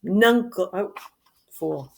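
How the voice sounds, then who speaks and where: A woman's voice: mid-range voice, lively intonation, takes it slowly, gravelly, a little hiss or hum, pitched below the performer's own voice. A woman reading aloud as a mocking court jester, speaking in sing-song rhyme. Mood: teasing. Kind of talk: solo reading of a play.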